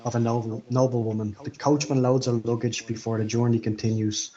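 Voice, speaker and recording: A man's voice: mid-range voice, little pitch movement, mellow. Game master man narrating, muffled audio. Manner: descriptive, halting, with restarts.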